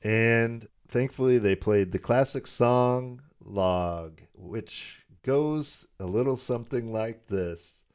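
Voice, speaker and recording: A man's voice: mid-range voice, slow pace, a little mellow, clear, resonant tone. Wry male podcast co-host. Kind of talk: casual chat recapping cartoons.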